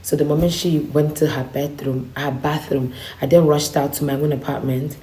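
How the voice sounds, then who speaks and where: A woman with a Nigerian accent telling a personal story to camera in a casual, animated way, acting out the dialogue. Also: low voice, normal speed. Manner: animated, acts out quoted dialogue. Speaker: vlogger.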